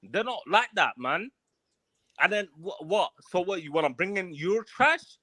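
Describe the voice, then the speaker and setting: A man's voice: sits high, expressive, measured pace, sharp tone, no room sound. A man calling into a live online panel, heated and insulting, full of street slang.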